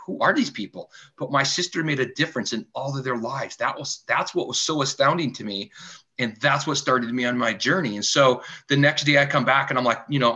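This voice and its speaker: A man talking as a podcast guest, telling a personal story and acting out the dialogue. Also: mid-range voice. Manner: animated, acts out quoted dialogue. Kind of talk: storytelling in conversation. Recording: dull lo-fi sound.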